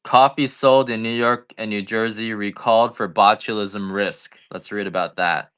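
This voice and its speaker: A man's voice: fairly low pitch, steady tone, moderate pace, fairly bright tone, clean tone. A man, a coffee farmer selling on a live stream, chatting casually and going off on rambling, joking rants.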